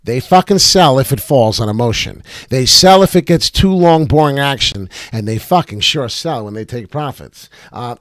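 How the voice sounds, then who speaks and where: A man's voice: mid-range voice, expressive, moderate pace, hardly any pauses, no echo, clean studio sound. A man hosting a casual livestream about crypto charts, brash and profane, tossing out rhymes and hype as he talks. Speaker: crypto chart analyst and show host. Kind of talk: casual livestream market commentary.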